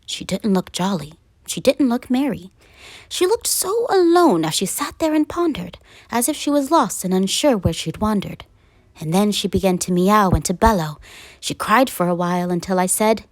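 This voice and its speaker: Woman reading a rhyming kids' book, singsong, very lively, dry close sound. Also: mid-range voice, moderate pace, no room sound. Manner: animated, singsong rhyming delivery. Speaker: read-aloud narrator. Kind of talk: children's picture book read-aloud.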